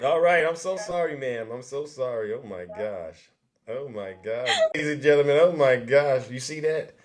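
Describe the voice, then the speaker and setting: A man hosting a political commentary livestream, loud and mocking, often repeating himself. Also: medium pitch, lively intonation, moderate pace, crowd noise. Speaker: livestream host.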